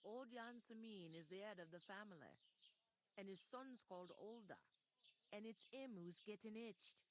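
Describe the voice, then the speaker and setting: A woman's voice: medium pitch, normal speed, slight background noise, lightly acted. A woman voicing a blunt, bossy village innkeeper in a video game. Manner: bossy, plain-spoken, folksy.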